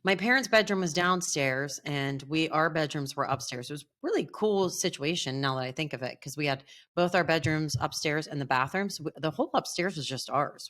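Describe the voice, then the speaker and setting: A woman with a notably low voice co-hosts a podcast in casual chat. Her pitch swings widely as she giggles and jokes, and she swears bluntly and freely. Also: a bit bright. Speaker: podcast co-host.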